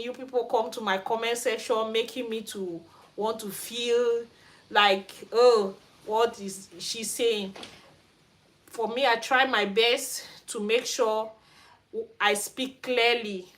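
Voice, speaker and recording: A woman's voice: a little high, steady tone, unhurried, fairly bright tone. A woman from Cameroon with a Cameroonian accent, talking frankly on a livestream as host of her hair care channel. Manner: frank, ranting. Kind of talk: livestream chat. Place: Sweden.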